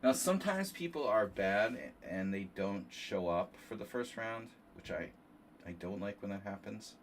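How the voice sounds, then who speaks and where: A man's voice: lowish voice, expressive, moderate pace, distant mic, a little hiss or hum. A man with a nasal voice hosting a casual chess livestream, rambling and joking with his chat between moves. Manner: rambling, self-deprecating asides to chat. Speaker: chess streamer hosting a tournament. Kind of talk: casual livestream commentary while playing.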